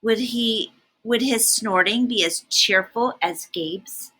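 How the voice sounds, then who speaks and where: A woman reading a picture book aloud in an animated, expressive way, with a breathy voice. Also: fairly high pitch, slow, rough recording. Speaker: storybook reader.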